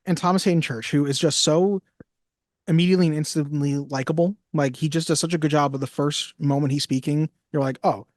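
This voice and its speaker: A man's voice: fairly high pitch, steady tone, fairly quick, no echo, studio quality. A man co-hosting a film podcast, chatting casually with a wry, joking manner. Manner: wry, jokey, quotes lines in little voices. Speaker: podcast co-host. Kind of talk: casual chat.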